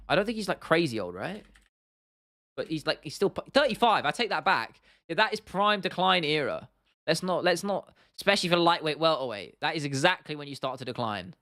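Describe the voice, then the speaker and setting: A young man chatting on a livestream, giving blunt, opinionated takes and swearing freely. He often stops and restarts mid-sentence. His voice sits at an ordinary pitch and sounds close and dry, with no room around it. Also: a bit bright, no echo. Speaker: livestream host. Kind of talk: casual livestream chat answering viewers.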